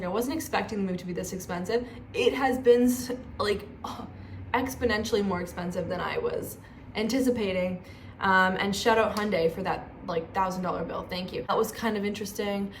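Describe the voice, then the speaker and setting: A young woman vlogger telling stories in a chatty, animated way, full of fillers. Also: mid-range voice. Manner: chatty, animated, lots of 'like'. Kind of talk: casual storytelling vlog. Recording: echoey room with faint noise.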